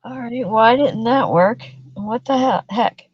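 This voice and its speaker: A soft-spoken man with an English accent, hosting a casual livestream chat and joking with a guest. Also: extremely high pitch, measured pace, breathy edge, dry recording, lo-fi sound. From England. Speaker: livestream host.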